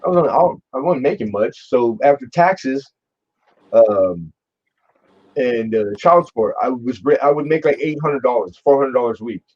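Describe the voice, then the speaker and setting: A man in his forties telling a long personal story in casual chat, animated, swearing and restarting his sentences often. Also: mid-range voice, normal speed, husky. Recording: dull lo-fi sound.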